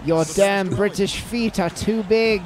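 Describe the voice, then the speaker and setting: Higher-voiced man swearing at a game. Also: slow pace, soft background music. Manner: frustrated outbursts, swears, shouts at the game. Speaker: co-host playing a basketball video game. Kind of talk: casual let's-play chat. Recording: game crowd audio underneath. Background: video game arena crowd.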